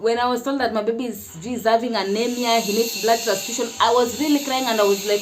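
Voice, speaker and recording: A woman's voice: on the high side, moderate pace. A Kenyan woman telling a personal story in a casual vlog, chatty, often laughing and mixing in Swahili phrases. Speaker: mother sharing her experience.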